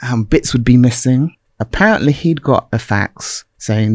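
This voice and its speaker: A woman music journalist, a podcast guest, telling stories from past interviews in a casual, animated way and acting out the people she quotes. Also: rumbling low, measured pace, dry recording. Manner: animated, acts out quoted voices.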